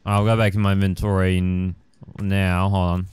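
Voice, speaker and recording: Casting note: young male gaming host, loose rambling commentary, lowish voice, very clean tone. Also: flat delivery, normal speed, a little mellow, smooth, no room sound. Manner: rambling with many fillers and casual swearing. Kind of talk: casual let's-play commentary.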